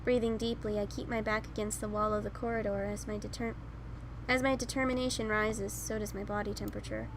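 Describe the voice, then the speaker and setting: A woman's voice: medium pitch, flat delivery, a little fast, noisy background. A woman reading a visual novel aloud in the first person, now and then correcting herself, with game music behind. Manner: first-person narration, occasional self-corrections. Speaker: game let's player.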